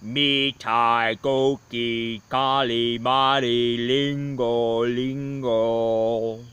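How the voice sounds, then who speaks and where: A man voicing a talking dog that answers in a slow, eerie, loud chant of strange words. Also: mid-range voice, little pitch movement, clean tone, dry recording.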